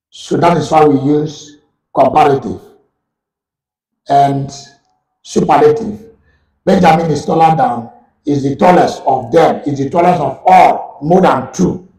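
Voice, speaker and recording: A man with a Nigerian accent teaching English grammar in a slow, repeating lecture style. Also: on the high side, vocal fry, darkish tone, distant mic. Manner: slow, repetitive explaining. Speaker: university lecturer. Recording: echoey room, voice off-mic.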